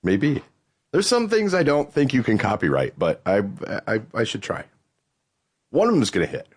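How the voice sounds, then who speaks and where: A male podcast co-host rambles through casual chat, swearing casually, his pitch rising in lively bursts. He speaks at a moderate pace with a breathy edge, and there's no room sound.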